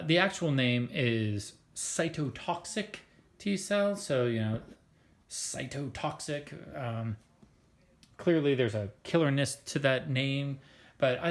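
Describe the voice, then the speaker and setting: A man explaining a biology lesson in a chatty, playful way, with plenty of filler words. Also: medium pitch. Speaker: science teacher.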